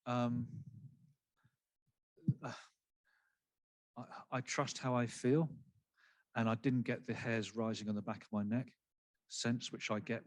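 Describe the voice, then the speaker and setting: A man's voice: mid-range voice, no echo. A man with a non-Canadian accent, a psychiatrist in a workshop discussion, speaking hesitantly with fillers and restarts.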